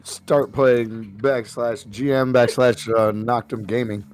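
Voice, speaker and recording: A man who runs the game, chatting casually after the session in a relaxed way with short replies. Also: medium pitch, slow, soft background music. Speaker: game master. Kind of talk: casual post-session chat.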